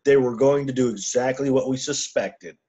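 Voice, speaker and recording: A man co-hosting a casual fan podcast, talking in a measured way and often repeating himself. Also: mid-range voice, dark tone. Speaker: podcast co-host. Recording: dull lo-fi podcast audio.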